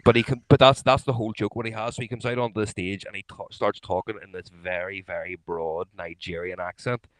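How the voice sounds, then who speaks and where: A man's voice: on the low side, steady tone, a little fast, no echo, rough recording. Sweary, rambling male podcast co-host. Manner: loose, sweary storytelling with frequent restarts. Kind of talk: casual chat.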